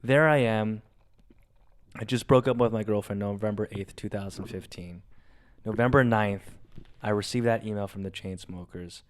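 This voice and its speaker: A man's voice: lowish voice, moderate pace, clean tone. A young man, a podcast co-host, telling a long story casually and acting out what people said. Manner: animated storyteller acting out quotes.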